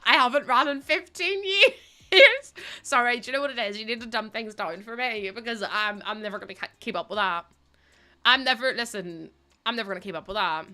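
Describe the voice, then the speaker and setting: A woman in her thirties streaming from her room at home, chatting to her viewers while she plays, giggly and animated. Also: medium pitch, fast talker. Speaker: livestreamer. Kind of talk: casual chat while gaming.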